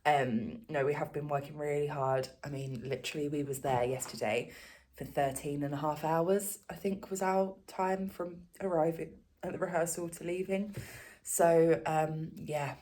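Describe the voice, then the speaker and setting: A woman's voice: low-pitched, fairly even intonation, normal speed, mellow. A young woman vlogging casually from musical rehearsals, chatty and giggly. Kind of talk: casual vlog chat.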